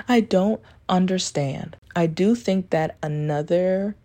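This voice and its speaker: A woman hosting a podcast, talking in a candid, confessional way, swearing freely and keeping her voice low so she won't be overheard. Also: slow, a little mellow. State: talking low to stay quiet. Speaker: podcast host. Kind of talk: casual confessional monologue.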